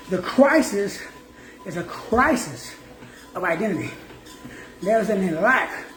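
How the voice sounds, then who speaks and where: A man giving a preachy motivational talk as a self-help teacher, emphatic and repetitive with slang. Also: high-pitched. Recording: roomy echo, faint music.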